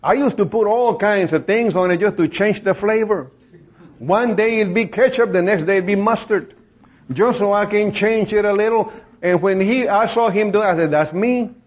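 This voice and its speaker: A man with a high voice preaches from the pulpit, telling his story in a lively way and playing out the voices of the people in it. The recording is dull and lo-fi. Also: normal speed. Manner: storytelling, acts out quoted voices, laughs often. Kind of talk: sermon testimony.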